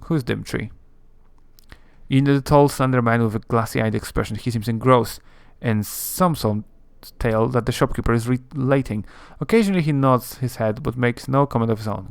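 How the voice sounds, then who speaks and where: A man's voice: medium pitch, fairly quick, vocal fry, dry recording. Man reading game text aloud, dry sound. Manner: steady narration with small slips. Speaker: let's-play host.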